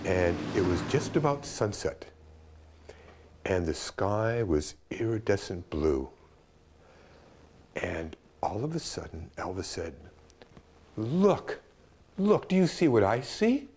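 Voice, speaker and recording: Older man, low voice, lively swooping delivery, dramatic storyteller, faint hiss behind. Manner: dramatic, acts out the quoted speech. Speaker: interviewee. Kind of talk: animated storytelling reminiscence.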